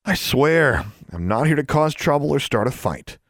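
A man's voice: low voice, expressive, fast, no echo, studio quality. A man voicing a smug, condescending teenage boy wizard.

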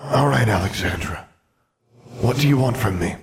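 A man doing a gentle, regretful old wizard ghost. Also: fairly low pitch, expressive, normal speed. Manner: soft, placating, kindly.

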